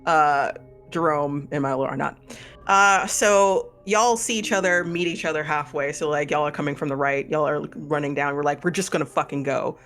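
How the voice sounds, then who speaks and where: A man's voice: fairly high pitch, steady tone, moderate pace, a bit bright. A man with a Missouri accent, narrating a tabletop horror game as game master in a casual, rambling way. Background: faint music.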